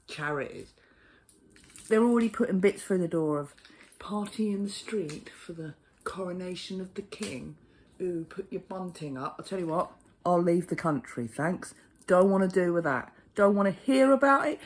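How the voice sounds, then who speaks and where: A woman ranting to camera in a casual vlog, exasperated and sweary, often laughing in disbelief. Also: fairly low pitch. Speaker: vlogger.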